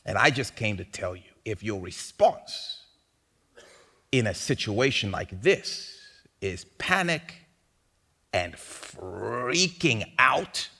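A male pastor preaching a sermon in an animated, playful way, now and then mimicking panicked voices for laughs. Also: fairly low pitch, slow, gravelly, breathy edge.

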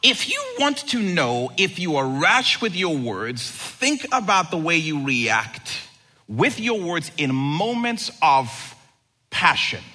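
A man preaching a sermon as pastor, conversational and animated, asking the listeners questions. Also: a little high.

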